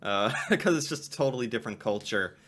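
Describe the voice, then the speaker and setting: Lively, bright-voiced man reacting and laughing. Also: on the low side, brisk. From Canada. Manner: chatty, laughs often between remarks. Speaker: reaction video host. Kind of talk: casual reaction commentary.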